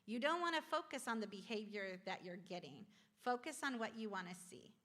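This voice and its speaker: Bright-voiced woman leading a class. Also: medium pitch, expressive, a little fast. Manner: chatty and encouraging, asks the audience questions. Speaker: parenting class presenter. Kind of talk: presenting a class from slides.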